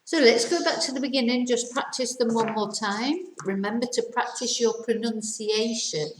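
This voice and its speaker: A British woman teaching English, reading quiz sentences aloud slowly and carefully with countdowns. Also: a little high, reverberant, background noise. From Britain. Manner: careful slow dictation with countdowns.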